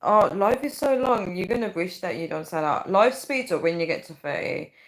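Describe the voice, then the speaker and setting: A woman's voice: lowish voice, expressive, normal speed, low-quality recording. A woman in her thirties hosting a casual livestream, rambling chattily and often calling her viewers "guys.". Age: 30s. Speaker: livestream host.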